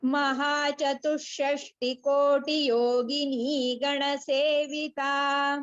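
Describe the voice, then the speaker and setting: A woman's voice: high voice, muffled recording, faint music behind. A woman student repeating a chant in an online class. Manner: quick, even, monotone chanting. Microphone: video call.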